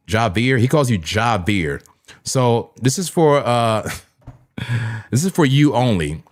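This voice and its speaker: A man's voice: mid-range voice, lively intonation, slow pace, faint music behind. A man hosting a crypto trading livestream, chatting loosely with his viewers and rambling with plenty of "like" and "man.". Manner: talks straight to chat viewers. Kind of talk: casual live trading commentary.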